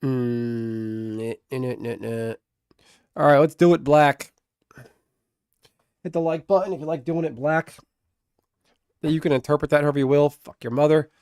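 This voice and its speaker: A man's voice: on the high side, fairly even intonation, unhurried, long pauses, clean tone, no room sound. Dry-voiced man trash-talking through gameplay. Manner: muttering, trash-talking his opponent. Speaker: streamer. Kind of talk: live gameplay commentary.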